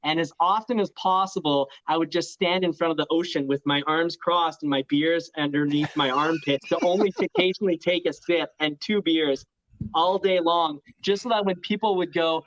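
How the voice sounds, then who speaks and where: A man's voice: on the high side, normal speed, fairly bright tone, muffled recording. A man telling funny stories as a guest in a casual chat. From Canada. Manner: jokey storyteller, dry humor.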